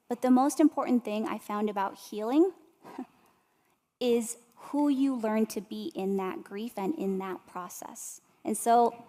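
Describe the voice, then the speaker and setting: A woman's voice: fairly high pitch, darkish tone. Woman speaking in a reverberant hall. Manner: storytelling, addresses the audience directly. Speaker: motivational speaker. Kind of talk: inspirational talk to an audience.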